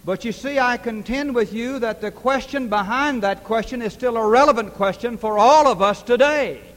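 A man preaches a sermon in a very high-pitched, fairly bright voice at a moderate pace, earnestly telling stories that build to emphatic questions. He sounds distant in a reverberant hall, with faint hiss.

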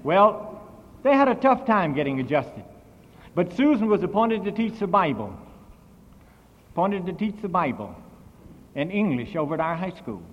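A man's voice: high-pitched, very animated, normal speed, pauses often. A man preaching a sermon as a missionary, telling a story with big swings in volume and emphasis. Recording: dull old recording, echoey hall.

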